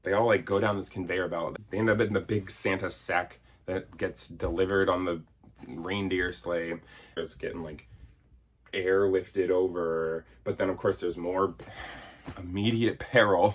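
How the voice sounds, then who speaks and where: A man's voice: low voice, unhurried, breathy edge. A man in his thirties giving a sarcastic, exasperated comedic film review, swearing casually. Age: 30s. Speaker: video essayist reviewing a film. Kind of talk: comedic movie review rant.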